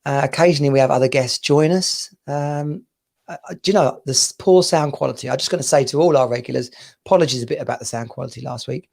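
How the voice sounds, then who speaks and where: A British man in his thirties hosts a casual podcast, rambling through stories and laughing often between them. He talks fast at a medium pitch, with vocal fry and a slightly mellow tone.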